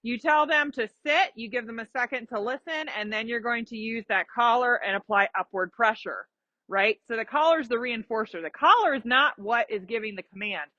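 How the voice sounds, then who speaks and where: A woman's voice: a little high, fairly quick, sharp tone, no echo, dull audio. A woman coaching a rider through a lesson, explaining patiently with examples and giving encouragement. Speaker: riding instructor. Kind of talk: live coaching during a riding lesson.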